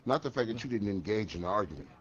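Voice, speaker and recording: A man's voice: fairly low pitch, lively intonation, very fast. A teasing, wisecracking man joining in casual chat among friends.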